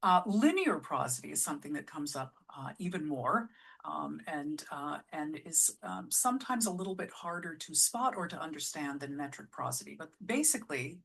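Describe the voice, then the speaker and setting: A woman's voice: low voice, lively intonation, moderate pace, vocal fry, a bit bright, slightly rough. A middle-aged woman speaking to camera as an artistic director, explaining songwriting craft in a chatty, thoughtful way with frequent fillers and restarts. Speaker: artistic director giving advice on musical writing. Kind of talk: casual vlog lecture.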